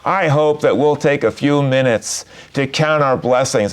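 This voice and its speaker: A man, a rabbi, giving a gentle, reflective sermon and telling a story. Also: medium pitch, measured pace, few pauses.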